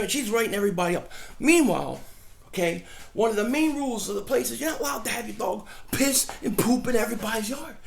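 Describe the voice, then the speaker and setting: A middle-aged man rambles through an animated outdoor vlog rant. His voice sits high and carries a rough, gravelly edge. He tells his stories casually and slips into mocking impressions of other people. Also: quick pace. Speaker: fan vlogger.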